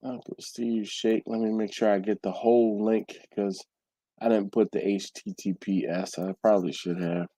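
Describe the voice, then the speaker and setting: A man's voice: fairly low pitch, little pitch movement, normal speed, warm tone, dry recording, rough recording. A congested man hosting a livestream, casually reading viewer comments aloud and answering them. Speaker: livestream host reading chat. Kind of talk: casual live chat. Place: home.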